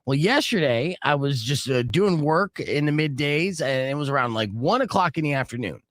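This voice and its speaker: A middle-aged man from Arizona hosting a radio show, telling a long story in a casual, animated way and acting out what people said. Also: on the high side, normal speed, no echo. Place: radio studio.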